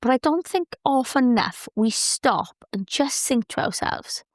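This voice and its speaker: A woman's voice: high voice, expressive, a little slow, hardly any pauses, no echo, clean studio sound. A young woman hosting a motivational podcast, chatty and encouraging, cheering her listeners on. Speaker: podcast host.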